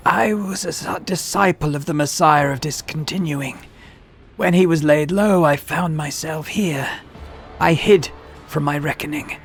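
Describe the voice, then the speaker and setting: A woman's voice: deep voice, unhurried, soft background music. A woman voicing a dying, half-machine female tech-priest in a video game, speaking in cold, clipped, machine-like phrases. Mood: cryptic.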